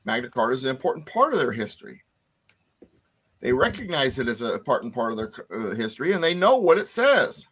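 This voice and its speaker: A man lectures a class, jumping up in pitch on key words. He explains at an uneven pace, pausing with fillers and restarting phrases. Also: very animated, fairly bright tone, breathy edge. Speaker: constitution teacher.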